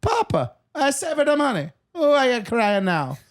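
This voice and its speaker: A man voicing a calm, clever young farmer's daughter in a soothing, measured way. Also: very high-pitched, voice pushed up, exaggerated voice. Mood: coaxing.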